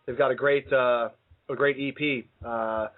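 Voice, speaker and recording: A man's voice: medium pitch, fairly even intonation, measured pace. Rambling radio host man, tinny sound. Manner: rambling, self-interrupting, playful. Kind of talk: casual radio chat. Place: radio studio.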